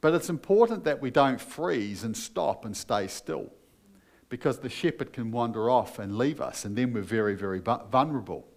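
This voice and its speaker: A man's voice: medium pitch, expressive, moderate pace, darkish tone. A man preaching a sermon as pastor, earnest and emphatic, putting questions to his listeners.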